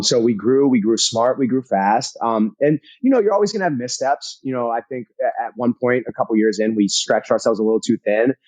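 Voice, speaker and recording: Energetic man with a dry close sound. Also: medium pitch, dry recording, poor audio. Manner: energetic, emphatic, swears casually, repeats phrases. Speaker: podcast guest, fitness entrepreneur. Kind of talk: casual interview chat.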